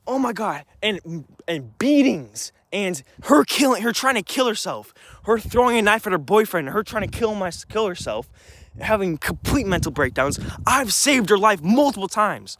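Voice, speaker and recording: A young man with a somewhat high voice tells a personal story as a vlogger. He is agitated and rambling, restarts his sentences often and swears freely. The sound is dry, with no room echo. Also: sing-song, moderate pace, fairly bright tone.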